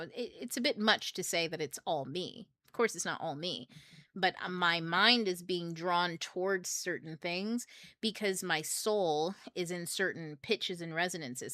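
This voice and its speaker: A young woman hosts a casual livestream, rambling through ideas with jokes and plenty of swearing. Her voice is bright and forceful but pitched on the low side. The sound is close and dry, with no room echo. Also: smooth. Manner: rambling, profane, joking. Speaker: book club host.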